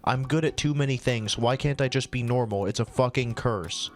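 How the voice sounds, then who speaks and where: A melodramatic, self-pitying teenage goth girl, as a man reads her lines aloud. The lines come out fast and flat, in a middle-pitched voice. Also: close to an everyday voice. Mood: whiny.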